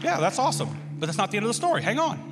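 A man preaching a sermon, telling a story with lively swings into shouting. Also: high voice, very fast. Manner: animated storytelling, bursts into shouts. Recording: long hall reverb with loud music.

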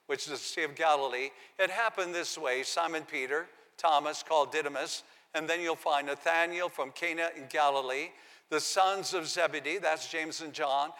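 A man's voice: on the high side, sharp tone, big-room sound. A man preaching a sermon, reading scripture aloud and giving the quoted lines dramatic emphasis. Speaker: pastor.

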